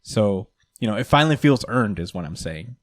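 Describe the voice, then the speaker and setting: A man's voice: on the low side, lively intonation, moderate pace, no room sound. A young man hosting a casual podcast chat, rambling and hedging with fillers like "um" and "like" as he thinks aloud. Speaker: podcast host.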